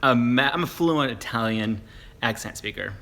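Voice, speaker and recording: A man's voice: medium pitch, lively intonation, moderate pace, vocal fry, sharp tone. A man, a father co-hosting a family livestream, chatting casually in a playful, teasing, self-mocking way. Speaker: father and channel co-host.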